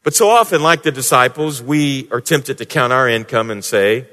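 A man preaching a sermon as a pastor, moving from hushed, prayerful passages to raised, emphatic points. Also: mid-range voice, normal speed, hardly any pauses. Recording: long hall reverb.

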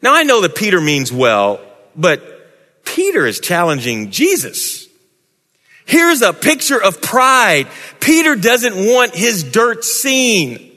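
Lively, dramatic male preacher in an echoey hall. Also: high-pitched, takes it slowly. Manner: dramatic, with wide swings in tone and emphasis. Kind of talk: sermon.

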